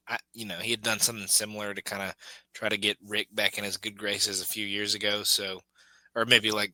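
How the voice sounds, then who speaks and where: A man with a low, very bright and sharp voice talks through his take in a relaxed, hedging way. The sound is dry and close, with no room around it. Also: no room sound, poor audio. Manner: relaxed, hedging, lots of ums. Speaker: podcast co-host. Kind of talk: casual chat.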